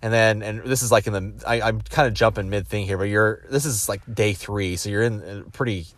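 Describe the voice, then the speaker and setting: Man, executive type, low voice, dry close sound, animated storyteller who mimics the people he quotes. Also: brisk, no room sound. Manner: animated, acts out quoted voices, frequent restarts. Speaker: business executive giving a motivational talk. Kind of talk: casual motivational storytelling.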